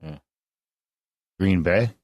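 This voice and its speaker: Man, very low voice, co-host trading jokes, dry close sound. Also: extremely slow, darkish tone, dry recording. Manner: teasing, joking banter. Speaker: podcast co-host. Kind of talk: casual chat.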